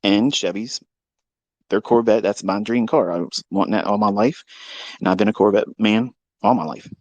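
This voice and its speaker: A man hosting a live audio chat, telling a long story in a profane, mocking, animated way. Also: fairly low pitch, moderate pace, dry recording. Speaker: Twitter Space host. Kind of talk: casual storytelling rant. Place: lives in Maryland.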